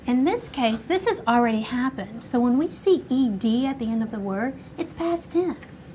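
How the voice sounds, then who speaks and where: A woman teaching a first grade class, slowly sounding out words and encouraging the children. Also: on the high side, lively intonation, mellow. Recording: noisy classroom recording.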